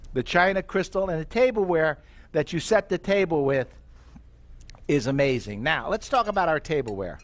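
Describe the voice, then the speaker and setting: A middle-aged man giving a live sales presentation as company president, telling stories and asking the audience questions. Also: sits high. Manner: animated storyteller, asks the audience questions.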